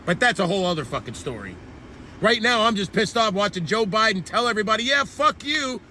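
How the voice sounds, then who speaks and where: A man with a strikingly high, very bright and cutting voice delivers a furious, profanity-laced rant. He speaks as the host of his own commentary channel, heated and relentless. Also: expressive, quick pace, slight background noise. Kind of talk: angry political rant.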